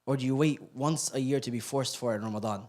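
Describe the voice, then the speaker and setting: A man giving a youth sermon, joking and animated while telling the story, then quiet and earnest as he drives the lesson home. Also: mid-range voice, quick pace. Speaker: youth halaqa speaker. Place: youth center hall.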